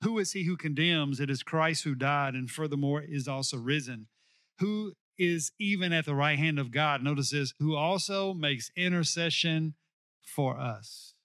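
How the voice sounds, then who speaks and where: A male pastor preaching a sermon, slowing down to stress key lines and calling on the congregation to repeat after him. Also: fairly high pitch, fairly bright tone, no echo, clean studio sound. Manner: preaching with call-and-response to the congregation.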